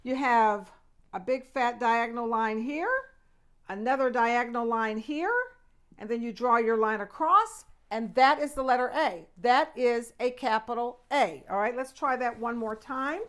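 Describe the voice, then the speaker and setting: A woman's voice: fairly high pitch, measured pace, a bit bright. An older woman, a grandmother figure, hosting a children's alphabet lesson in a bubbly, exaggerated, sing-song way. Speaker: host, children's teacher.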